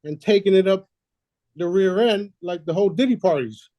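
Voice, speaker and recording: A man's voice: high voice, moderate pace, no echo, lo-fi sound. A man hosting a casual talk, boastful and preachy, swearing freely and laughing at his own lines. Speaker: host.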